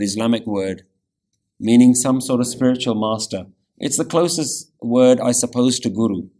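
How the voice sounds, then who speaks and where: A man leads a weekly scripture class, patiently explaining meanings, slowly repeating words to show their pronunciation, and often checking in with "yeah?". His voice is medium-pitched with a darkish tone.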